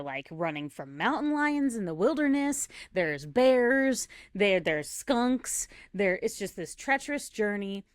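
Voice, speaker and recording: A woman in her thirties co-hosting a podcast, chatting casually and retelling a film with animated acted quotes. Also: a little high, no echo, clean studio sound. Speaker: podcast co-host. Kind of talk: casual chat.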